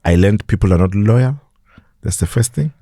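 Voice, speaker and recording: A South African man, a podcast guest, telling a dramatic story in an animated way and acting out the voices of the people in it. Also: fairly low pitch, moderate pace, dry recording, studio quality. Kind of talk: storytelling in an interview.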